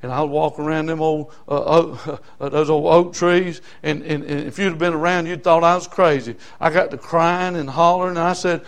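Male pastor, high-pitched, fiery sermon delivery with hushed storytelling. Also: normal speed, few pauses, clean tone. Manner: impassioned preaching, swinging from hushed storytelling to shouting.

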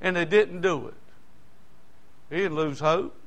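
Preacher man in his 60s, high voice, folksy sermon with lots of asides. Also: unhurried, vocal fry. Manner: folksy, animated, with homespun asides.

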